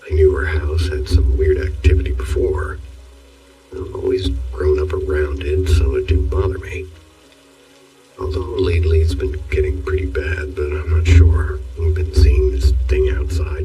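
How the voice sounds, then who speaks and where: A man narrating horror stories in a hushed, low-key delivery, recorded on a distant mic with faint music underneath. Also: reverberant. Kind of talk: scripted horror story narration.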